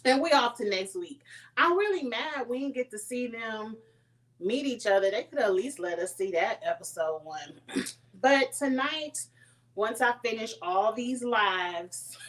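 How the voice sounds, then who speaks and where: A woman's voice: medium pitch, fairly bright tone, poor audio. Woman, casual TV recap host, chatty and playful, sassy asides. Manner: chatty, playful, acts out quotes in sassy voices. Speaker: show reviewer.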